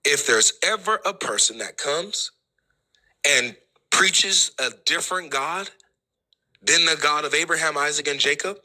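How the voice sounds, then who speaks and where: A man arguing in a heated online debate, quick to interrupt and brushing off his opponent. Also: fairly high pitch, pushed and bright, rough recording. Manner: quick to interrupt, laughing dismissively. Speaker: debate host.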